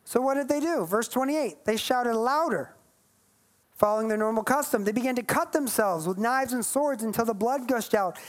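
A woman's voice: fairly high pitch, normal speed. A woman preaching a sermon, reading scripture aloud and breaking into emphatic, playful asides.

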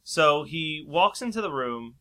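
A man's voice: fairly high pitch, expressive, measured pace, bright, forceful tone. A man casually telling a long story in a chat, rambling and laughing often. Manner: rambling, laughs often, acts out quoted voices.

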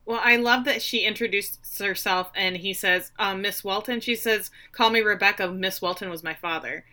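A woman's voice: mid-range voice, moderate pace, sharp tone. A woman casually recapping a TV episode with a co-host, acting out quotes in playful voices. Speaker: podcast co-host recapping a show.

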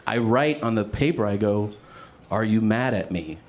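A man's voice: lowish voice, animated, moderate pace. A man telling a long personal story in casual chat, laughing often and acting out what others said, with frequent fillers.

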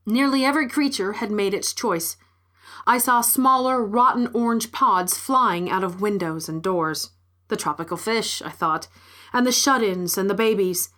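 A woman narrating a short story in a measured, clear reading. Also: mid-range voice, a bit bright. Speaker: story reader.

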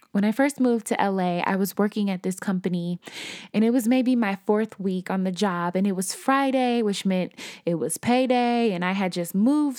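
A woman's voice: mid-range voice, darkish tone, no room sound, studio quality. A young woman hosting a podcast, telling a personal story in a candid, conversational way. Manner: candid, conversational, acts out quotes. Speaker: podcast host.

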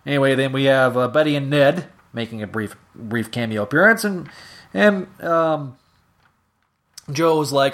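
A man's voice: medium pitch, lively intonation, unhurried, fairly bright tone. A man hosting a podcast alone, casually recapping comic stories with many fillers. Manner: casual, filler-heavy retelling. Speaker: podcast host. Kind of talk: solo recap reading comics aloud.

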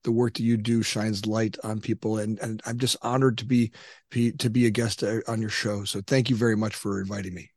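A man's voice: lowish voice, little pitch movement, fairly quick, a little mellow, dry recording, studio quality. A man in his fifties, a guest on a podcast interview, telling his story in a rambling way with many restarts and fillers. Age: 50s. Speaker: guest entrepreneur.

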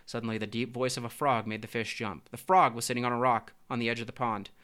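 A man narrating a storybook in a steady, measured way. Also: medium pitch, clean tone. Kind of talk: storybook reading.

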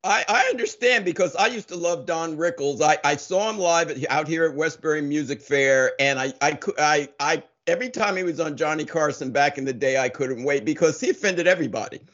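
A man's voice: on the high side, brisk, few pauses, fairly bright tone. A man hosting an interview, asking questions casually and often stumbling over repeated words as he starts. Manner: hesitant, repeats words when starting sentences. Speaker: interview host. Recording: dull lo-fi audio.

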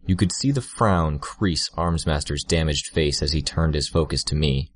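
A man narrating an audiobook in a steady first-person storytelling manner, on a close studio mic. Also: very deep voice, normal speed.

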